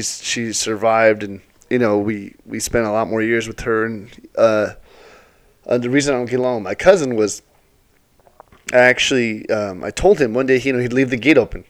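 A man's voice: mid-range voice, no room sound. A young man telling rambling, profane personal stories in a casual way. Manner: profane, rambling, emotional anecdotes. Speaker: Airbnb host, former military. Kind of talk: casual storytelling.

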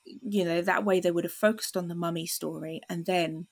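A woman's voice: on the low side, steady tone, moderate pace, gravelly. A woman hosting a podcast in casual film chat, chatty with many fillers, acting out quoted lines. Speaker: podcast host.

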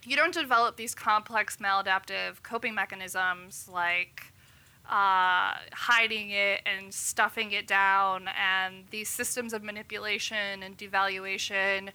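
A woman's voice: medium pitch, steady tone, measured pace, pushed and bright, smooth. A woman in her thirties, a physician, chatting casually and acting out quotes as she tells a story. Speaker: physician guest. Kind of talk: casual podcast chat.

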